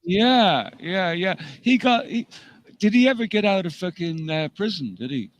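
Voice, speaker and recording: A man's voice: sits high, expressive, moderate pace. A man in casual live chat, talking hesitantly with many restarts and hedges about what he thinks.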